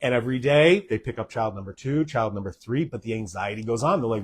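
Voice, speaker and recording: Husky-voiced man coaching parents. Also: mid-range voice, expressive, fast talker. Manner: earnest, coaching, peppered with "okay?" and "all right?". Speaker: naturopathic doctor hosting a live stream. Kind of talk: live-streamed health talk.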